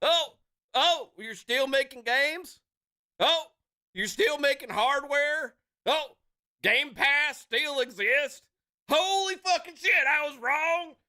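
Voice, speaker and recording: A man voicing a panicking, paranoid male gamer who shouts and swears in a high, mocking voice. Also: takes it slowly, exaggerated voice. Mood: frantic panic.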